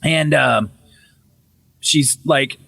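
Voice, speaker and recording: A man on a casual podcast call telling a ghost story, swearing freely and acting out the quotes with lively energy. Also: mid-range voice, extremely slow, vocal fry, husky, dry recording. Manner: profane, animated retelling with voiced quotes. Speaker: podcast guest. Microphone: video call.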